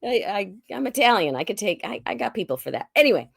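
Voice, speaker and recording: A woman's voice: medium pitch, fast, vocal fry, slightly rough, dry recording, clean studio sound. A woman cohosting a comedy podcast, chatting casually and acting out quoted dialogue as she tells stories. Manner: animated, acts out quoted dialogue. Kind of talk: casual chat, storytelling. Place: Oklahoma.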